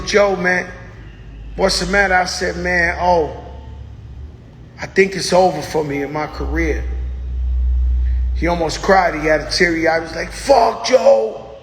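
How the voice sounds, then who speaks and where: A man's voice: high-pitched, fairly bright tone, a little hiss or hum. A man hosting a casual monologue, drawing out his words for hype and telling stories with acted quotes. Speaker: show host. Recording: echoey room with long reverb.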